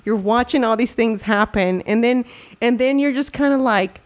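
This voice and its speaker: A young woman in casual podcast chat, telling a lively personal story and acting out what people said. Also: a little high, normal speed. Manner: animated storytelling, acts out quotes, laughs often. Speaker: podcast host.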